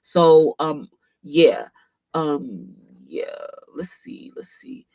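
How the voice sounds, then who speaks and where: A woman hosting a casual commentary livestream, animated and swearing freely, with AAVE speech and frequent fillers. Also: low voice, drawn-out words, no echo. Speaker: livestream host.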